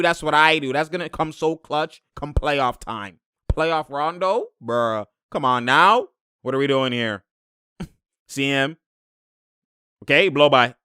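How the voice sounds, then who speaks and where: A young man giving casual reaction commentary on basketball footage, excitable and slangy, laughing often and slipping into high mimicking voices. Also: clear, resonant tone, no echo, clean studio sound.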